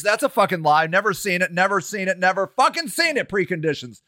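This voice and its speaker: A man's voice: sits high, big pitch swings, quick pace, hardly any pauses, bright, forceful tone, no room sound, studio quality. A man ranting angrily about politics on a livestream, swearing constantly. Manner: angry, profane ranting. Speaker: political commentator. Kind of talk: livestreamed rant.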